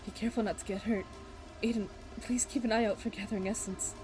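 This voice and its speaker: A woman streaming a game, reading all the story text and character lines aloud herself and breaking off into loud laughing reactions. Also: medium pitch, fairly even intonation, quick pace.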